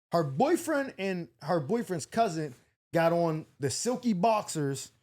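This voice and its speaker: A young man telling a wild story in casual chat, animated, swearing freely and acting out the other people's lines. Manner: animated, acts out quotes with big pitch jumps, swears freely. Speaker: podcast host.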